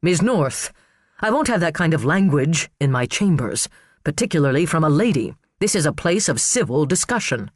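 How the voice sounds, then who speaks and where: A man's voice: fairly high pitch, very animated, moderate pace, no echo, clean studio sound. A man voicing a stern, prim male judge who speaks in a stiff, reproving way.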